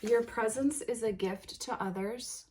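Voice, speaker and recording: A woman hosting a tarot unboxing, reading card titles aloud in a gentle, admiring way with soft exclamations. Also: fairly high pitch, unhurried, slight background noise. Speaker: tarot reader and channel host.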